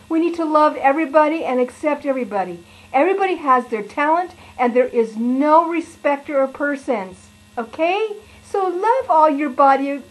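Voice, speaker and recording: A woman's voice: sits high, low-quality recording. A woman voicing a playful, chatty lion who preaches a children's sermon in a sing-song, exaggerated way. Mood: gentle.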